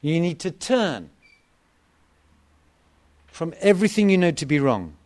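A man's voice: a little high, very animated, unhurried, a little mellow. A middle-aged man preaching a sermon to a gathering, with an emphatic delivery full of repetition.

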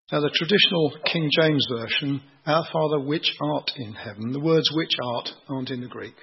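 A man preaches in a husky, breathy voice, taking his listeners through the text in a patient, explanatory way. His pitch sits in an ordinary middle range, and the recording sounds dull and lo-fi. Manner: explanatory, unhurried teaching with rhetorical questions. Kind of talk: sermon teaching on scripture.

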